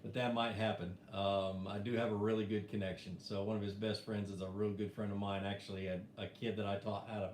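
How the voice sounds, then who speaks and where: A middle-aged man chats casually through a live stream, reading out viewer questions and rambling through his answers. His voice sits in a roomy, echoing space with a faint steady hum behind it. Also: lowish voice, fairly quick, few pauses. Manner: relaxed, rambling, reads viewer questions aloud. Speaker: fishing show host answering live chat. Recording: echoey room with faint background hum.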